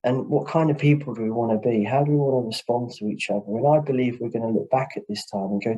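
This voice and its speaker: A man's voice: mid-range voice, fast, few pauses, warm tone, slightly rough, rough recording. A man, a social worker, sharing a heartfelt personal story in a webinar discussion over a video call, speaking earnestly and often saying "you know".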